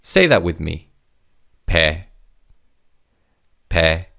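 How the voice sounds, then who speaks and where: Male language tutor, lowish gravelly voice, upbeat and encouraging. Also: very animated, bright, forceful tone. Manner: encouraging, repeats each word slowly for learners. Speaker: Korean language teacher. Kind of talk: scripted language lesson.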